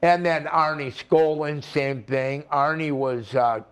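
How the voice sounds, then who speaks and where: A man's voice: a little high, steady tone, takes it slowly, slight background noise. An older man, a retired wrestler, telling rambling stories with laughs and restarts in a casual interview.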